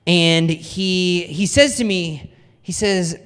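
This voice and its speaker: Young-adult ministry pastor, male, higher-pitched voice, loose and self-mocking storytelling, long hall reverb. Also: slow pace, a bit bright, smooth. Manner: chatty, self-deprecating storytelling with many "like"s. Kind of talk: casual conversational sermon. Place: church hall.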